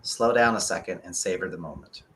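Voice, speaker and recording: Man, talk-show guest, bright voice, quick and excited, slows for emphasis. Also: low-pitched, a little hiss or hum. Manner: fast and excited, slowing down to stress points. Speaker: men's consultant guest. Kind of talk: energetic live-show talk.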